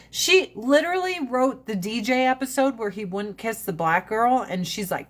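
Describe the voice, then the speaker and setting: A woman chatting casually on a phone livestream. She talks bluntly, swears freely and tells her stories with animated energy. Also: on the high side, normal speed, hardly any pauses. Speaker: livestream host.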